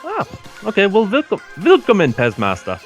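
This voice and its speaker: A man's voice: high voice, huge pitch swings, moderate pace, faint music behind. A man co-casting a game tournament in casual chat, with easygoing, brief replies. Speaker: esports caster.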